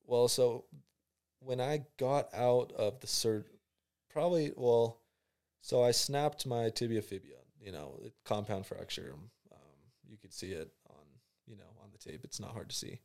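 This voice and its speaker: A man's voice: medium pitch, expressive, unhurried, darkish tone. Laid-back young man telling a story. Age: young adult. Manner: laid-back storytelling, slangy, acts out his own reactions. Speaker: college football player guest. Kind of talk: casual podcast chat.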